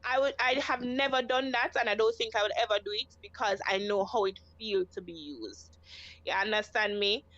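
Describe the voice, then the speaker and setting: A woman's voice: medium pitch, moderate pace, fairly bright tone, dry recording. Earnest woman on a dull call line. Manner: earnest, frank, keeps asking "you understand me?". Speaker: caller. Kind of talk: casual call-in chat.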